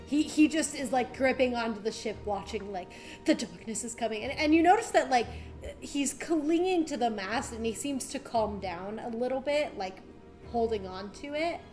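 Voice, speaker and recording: A woman narrating a tabletop game as game master, relaxed and full of fillers. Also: on the high side, moderate pace, soft background music.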